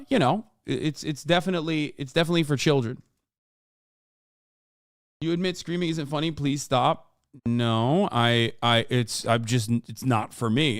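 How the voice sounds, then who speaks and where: A man's voice: fairly high pitch, a bit bright, dry recording, studio quality. A man in his thirties, a streamer giving casual, profane live-stream commentary, ranting emphatically with plenty of fillers. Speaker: streamer reacting to a clip.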